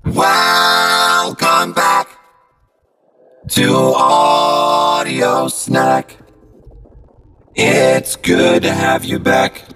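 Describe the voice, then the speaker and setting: Profane podcast host through a voice changer. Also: male voice, medium pitch, creaky. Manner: profane, rambling, jokey. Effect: voice changer app. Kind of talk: half-sung comic monologue. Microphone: phone. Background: loud music.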